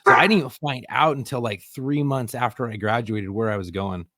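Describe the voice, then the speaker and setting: A man's voice: medium pitch, a little fast, bright, forceful tone. A man co-hosting a podcast who recalls his own Marine training in a blunt, profane, casual way. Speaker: podcast co-host, Marine veteran. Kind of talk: casual chat.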